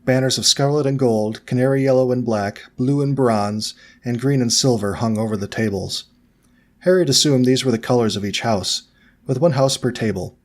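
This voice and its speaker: A man narrating a fan fiction audiobook in a steady, even storytelling manner. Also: medium pitch, moderate pace.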